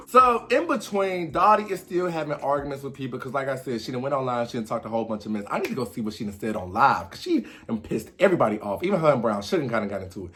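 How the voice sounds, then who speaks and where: A young man giving a lively, sassy recap of a reality show reunion, acting out the cast members' lines. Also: on the high side, quick pace, hardly any pauses. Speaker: commentary host.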